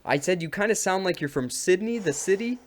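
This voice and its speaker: A man's voice: high voice, animated, fairly quick. A man co-hosting a podcast, teasing a guest with mock-serious questions in casual comedy chat. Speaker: podcast co-host.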